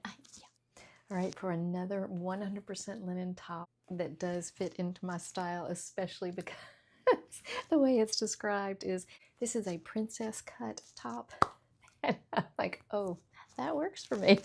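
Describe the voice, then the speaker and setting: A middle-aged woman in a casual haul vlog, gushing and giggling as she shows off clothes, sometimes dropping into soft whispers over small details. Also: fairly low pitch. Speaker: fashion vlogger.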